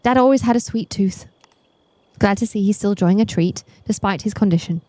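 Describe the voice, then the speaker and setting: A woman voicing an earnest, dutiful young man who has returned home, reading game dialogue in a slightly lowered, steady, polite voice. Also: fairly quick, no echo, lightly acted. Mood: concerned.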